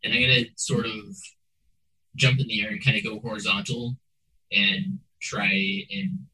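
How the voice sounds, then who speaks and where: A man playing a tabletop game, thinking out loud about his moves. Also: fairly low pitch, fairly even intonation, moderate pace, poor audio. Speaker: player. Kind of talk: casual tabletop play.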